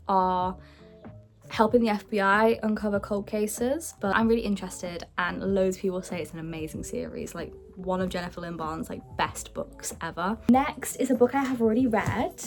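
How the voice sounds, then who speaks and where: A young woman chatting casually about her books, excitable, with the odd hushed aside. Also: medium pitch, moderate pace. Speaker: book vlogger. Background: faint background music.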